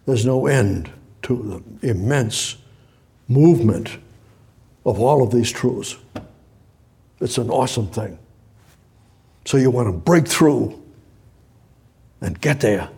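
A man's voice: medium pitch, animated, takes it slowly, gravelly, long pauses, warm tone, husky. A man preaching a sermon, reading scripture aloud and breaking off to explain it, repeating phrases and rising to emphatic exhortation.

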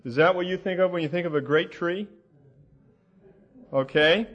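A man teaching a sermon from the Bible, slow and deliberate, asking the audience questions as he reads out passages. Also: sits high, muffled recording. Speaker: preacher.

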